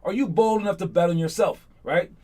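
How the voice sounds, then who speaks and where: A fairly high-pitched man talks to his basketball students in a loose, motivational way. He is energetic and chatty, and he keeps checking in with a quick "all right?" as he goes. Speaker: basketball coach. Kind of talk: casual motivational talk to students.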